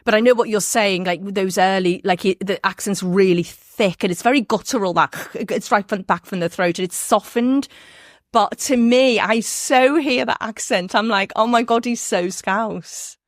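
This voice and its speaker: A woman from Merseyside with a softened Liverpool accent, talking as an interview guest in a lively way, often restarting her sentences. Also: mid-range voice, dry recording, studio quality. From Merseyside, England. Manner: animated, quick, with frequent restarts and laughs. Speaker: guest, biographer. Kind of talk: casual interview talk.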